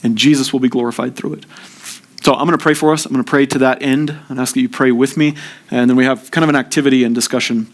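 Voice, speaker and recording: A man's voice: medium pitch, fairly even intonation, fast talker. A man preaching a sermon at a church service in an earnest way, his voice rising with emphasis when he acts out people's complaints. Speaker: pastor.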